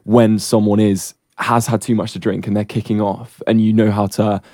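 A man guesting on a radio show, speaking in a measured, reflective way. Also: lowish voice, flat delivery, warm tone, no room sound, studio quality. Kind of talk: casual radio chat.

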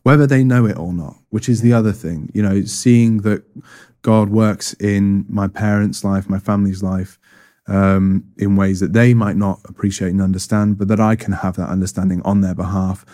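A man's voice: on the low side, fairly even intonation, moderate pace, mellow. A man giving a reflective personal testimony in an interview, thoughtful and hesitant, with many fillers and restarts. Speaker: interview guest.

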